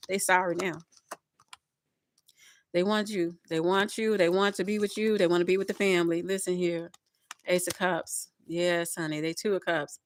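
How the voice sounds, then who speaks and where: A woman giving a casual tarot reading to her viewers, chatty and expressive, often laughing and speaking to spirit. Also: on the low side, moderate pace. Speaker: tarot reader.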